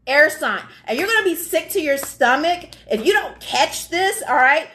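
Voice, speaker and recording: A high-voiced woman giving a live tarot reading. She is blunt and profane, and she stresses her points hard. She keeps checking in with the listener. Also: lively intonation, normal speed, pushed and bright, slight background noise. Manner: blunt, profane, emphatic, keeps asking "all right?". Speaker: tarot reader.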